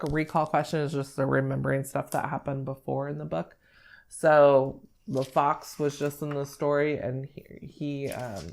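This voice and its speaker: A young woman speech therapist calmly explaining, step by step, how to model words while reading with a child. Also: deep voice, creaky. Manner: calm, step-by-step explaining with fillers. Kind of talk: instructional demonstration.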